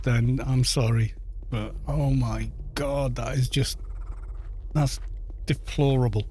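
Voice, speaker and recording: A man chats casually over a game livestream, ranting with scornful disbelief. His voice sits at an ordinary middle pitch. He rambles and often starts over in the middle of a sentence. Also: a little mellow. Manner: incredulous, mocking rant; rambling, with restarts and fillers. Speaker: game streamer. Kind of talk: casual livestream chat while gaming.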